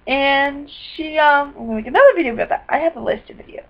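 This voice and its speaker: A fairly high-voiced woman rambles through a personal video diary at her computer. She keeps apologizing and jumps between topics, sometimes breaking into excited bursts. The sound is dull and lo-fi, like a built-in webcam mic. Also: a little fast, hardly any pauses. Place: indoors at a computer.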